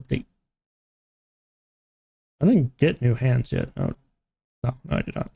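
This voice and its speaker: A man's voice: medium pitch, huge pitch swings, a little slow, creaky, dark tone, breathy edge, muffled recording. A man streaming a game live, chatting casually, joking, humming and talking to himself as he plays.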